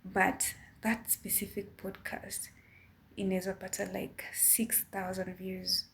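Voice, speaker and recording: A woman with a Kenyan accent giving a careful opinion in a casual vlog, measured and a bit apologetic. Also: medium pitch, completely flat delivery, creaky, a bit bright, a little hiss or hum. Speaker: vlogger.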